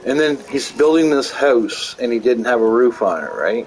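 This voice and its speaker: With game music in the background and poor audio, a streamer talks at a moderate pace with few pauses, his medium-pitched voice animated and a little mellow. He tells rambling stories and swears a lot while playing.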